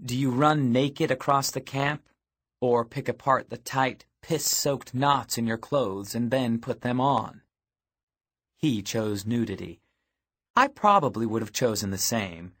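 A man's voice: mid-range voice, measured pace, a bit bright. A man narrating a first-person story aloud in a wry, matter-of-fact storytelling manner. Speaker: audiobook narrator.

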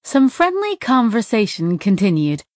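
A woman's voice: fairly high pitch, wildly swooping pitch, normal speed, no echo, studio quality. A woman reading a science fiction story aloud as an audiobook narrator, with light voices for the characters. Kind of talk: scripted narration.

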